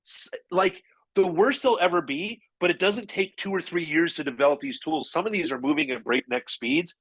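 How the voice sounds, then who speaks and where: A man presenting marketing tools in an energetic, chatty live software demo, with quick shifts in pace. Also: a little high, breathy edge, rough recording.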